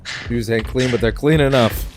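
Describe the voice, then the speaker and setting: A man's voice: mid-range voice, steady tone, normal speed, noisy background. A man streaming a game, rambling casually, swearing and laughing often as he plays. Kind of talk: casual let's-play commentary.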